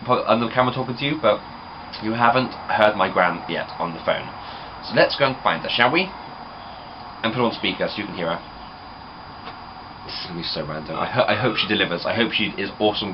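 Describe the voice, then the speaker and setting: A man's voice: fairly low pitch, a little fast. Young man, rambling chatty vlog talk, dull audio, noisy background. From England. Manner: chatty, rambling, many fillers. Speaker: vlogger. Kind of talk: casual vlog chat.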